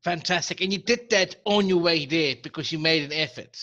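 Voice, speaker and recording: A male interview host with a bright, forward voice, a little higher than most men. He talks casually and gropes for his words while thinking aloud. The audio is slightly dull and lo-fi. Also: a little fast. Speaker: podcast host. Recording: dull lo-fi recording.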